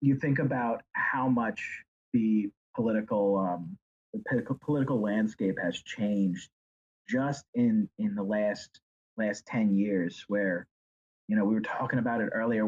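Husky man rambling on a dull line. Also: fairly low pitch, unhurried. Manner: rambling, animated, jumps into silly impressions. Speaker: guest author. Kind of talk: casual chat.

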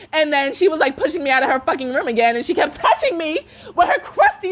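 A young woman hosts her own podcast, ranting through a storytime monologue full of cussing and laughter. Her voice sits high and swings widely up and down as she jumps between her own lines and those of the people in the story. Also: expressive, fast, a bit bright. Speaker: podcast host.

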